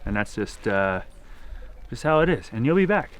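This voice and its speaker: A man cyclist in a casual vlog, steady and reassuring as he talks, with some fillers. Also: mid-range voice, moderate pace, noisy background.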